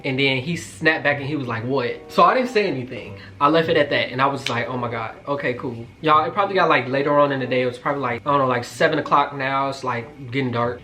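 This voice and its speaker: A young man in his twenties telling a casual storytime, joking and slangy, with quick asides to his viewers. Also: mid-range voice, sharp tone, faint music behind. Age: 20s. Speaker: vlogger.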